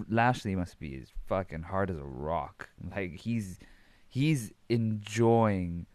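A man's voice: low-pitched, takes it slowly, darkish tone, no room sound. A man hosting a casual podcast, rambling and swearing freely while recapping wrestling, laughing often. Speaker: podcast host.

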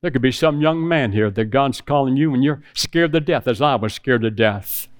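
A man's voice: mid-range voice, normal speed. A middle-aged man preaching a sermon to a room of men, telling a personal story and acting out the phone calls in it. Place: church hall with audience.

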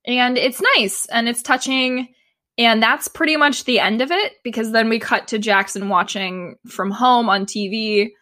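Young female podcast co-host, excitable, bright tense tone, slightly high. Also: measured pace. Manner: enthusiastic recapping, excitable. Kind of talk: casual chat.

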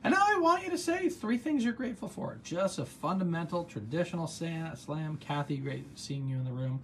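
A man's voice: fairly high pitch, animated, normal speed, a bit bright, a little hiss or hum. A man hosting a casual live gratitude practice, chatty and encouraging, reading out viewers' comments and wandering into side stories. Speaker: host and coach leading a live online session.

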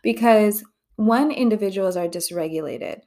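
A woman's voice: mid-range voice, normal speed, dark tone. A woman therapist hosting her own podcast, talking candidly and conversationally, with frequent swearing. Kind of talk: casual podcast monologue.

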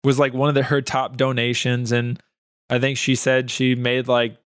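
Smooth, dry-voiced laid-back podcast guy. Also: mid-range voice, completely flat delivery, moderate pace, fairly bright tone, no echo. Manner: laid-back, laughs often, explains things. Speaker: podcast co-host. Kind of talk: casual podcast banter.

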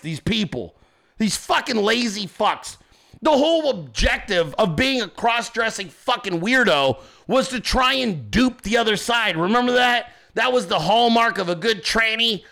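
Bright-voiced ranting man, crude and heated. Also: high voice, expressive, normal speed. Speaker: political commentator. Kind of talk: profane ranting monologue.

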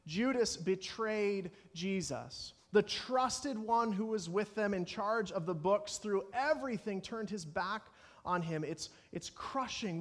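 A man's voice: sits high, a little slow. A man preaching a sermon as pastor, talking in an earnest way and acting out anxious prayers. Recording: long hall reverb.

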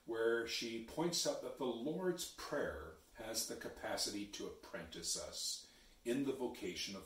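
Man, sermon, deep voice, slow and measured, quiet on key words, roomy echo. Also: far from the mic. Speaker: preacher. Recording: echoey, from off-mic.

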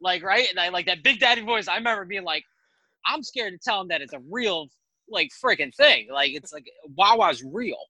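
A man with a very bright, forceful voice tells loose, rambling stories as a podcast guest. He talks casually, swears freely and jumps between thoughts. The sound is dry and close, with no room around it. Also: high-pitched, fairly quick, no echo, low-quality recording. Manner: animated, rambling anecdotes with profanity. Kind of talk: casual storytelling chat.

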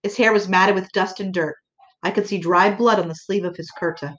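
A woman narrating an audiobook in a measured, earnest way. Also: medium pitch, steady tone, a bit bright.

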